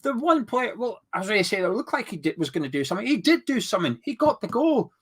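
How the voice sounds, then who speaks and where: A man's voice: high voice, big pitch swings, quick pace, husky. A young man hosting a fan channel, ranting about a match in a worked-up, exasperated and sarcastic way. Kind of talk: heated football fan commentary.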